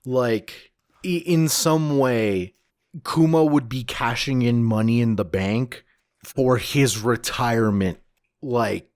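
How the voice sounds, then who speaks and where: A man co-hosting a podcast, chatting casually and thoughtfully, with halting restarts. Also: medium pitch, no room sound, studio quality. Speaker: podcast co-host. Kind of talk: casual chat.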